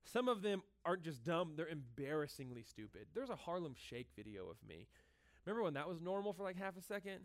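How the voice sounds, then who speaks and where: A male pastor preaching a sermon in a lively, conversational, joking manner, in a room with an audience. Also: on the high side, a little fast. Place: room with cameras and a listening crowd.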